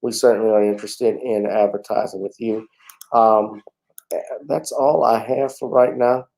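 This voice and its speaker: A man's voice: lowish voice, steady tone, normal speed, vocal fry, darkish tone, low-quality recording. A man hosting a casual livestream talk show, chatting in a laid-back way with frequent fillers.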